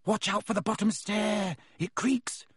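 A man's voice: high voice, fairly even intonation, a little slow, breathy edge, no room sound, studio quality, voice pushed up, full character voice. A man reading aloud and voicing an anxious teenage boy wizard, urgent and pleading, in a raised voice.

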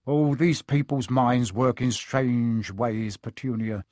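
A man voicing a bullying middle-aged uncle who talks in a gruff, wheezing, blustery way. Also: mid-range voice, takes it slowly, a little mellow, no echo, studio quality, natural voice. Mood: blustering.

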